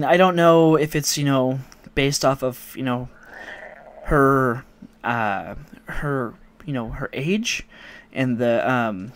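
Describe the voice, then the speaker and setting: A man from Oregon telling a story to his viewers in a rambling way, often correcting himself. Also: mid-range voice. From Oregon, United States. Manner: rambling, self-correcting, amused. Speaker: vlogger. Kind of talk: casual storytelling to camera.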